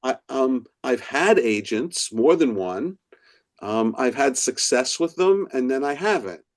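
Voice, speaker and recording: A middle-aged man, an author and professor appearing as a podcast guest, tells stories in a casual interview. He is an animated storyteller who acts out the voices of the people he quotes, speaking at medium pitch and an unhurried pace.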